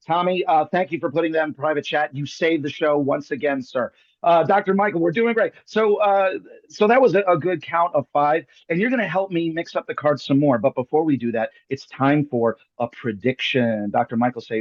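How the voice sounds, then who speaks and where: A man's voice: on the high side, fairly quick, no room sound, muffled recording. A man hosting a live magic show, performing a card trick over a video call with jokey, theatrical patter. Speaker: magician host.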